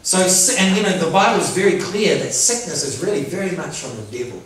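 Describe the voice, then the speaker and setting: A man preaching a sermon to his church, animated and often laughing, calling out for amens. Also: high voice, fast. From New Zealand. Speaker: pastor. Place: church hall. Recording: very echoey hall, voice from far off. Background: congregation answering.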